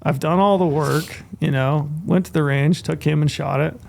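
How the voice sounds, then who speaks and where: A man's voice: on the high side, fairly even intonation, normal speed, gravelly, darkish tone, a little hiss or hum. A man co-hosting a podcast, telling a long story casually, with restarts and quoted dialogue, on a studio mic. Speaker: podcast co-host.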